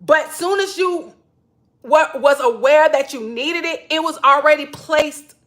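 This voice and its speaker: A woman's voice: sits high, a little slow, fairly bright tone. A woman, telling personal stories to viewers in a chatty way, repeating "literally" and laughing often. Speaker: spiritual wellness creator. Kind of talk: casual storytelling to viewers.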